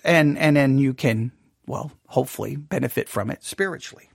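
A man's voice: medium pitch, moderate pace, creaky, husky, no echo, studio quality. A man teaching a Bible study class, thinking aloud and asking many rhetorical questions.

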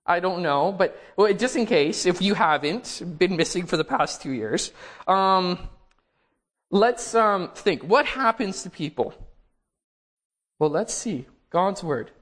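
A man preaching a sermon, reading scripture aloud with slow, emphatic stresses and dramatic rises. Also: high voice, animated, a bit bright.

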